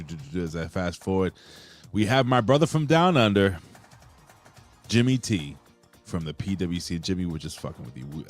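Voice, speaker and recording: A man co-hosting a wrestling podcast in casual chat, loud and jokey, swearing as he reads out viewer comments. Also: low voice. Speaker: podcast co-host reading chat.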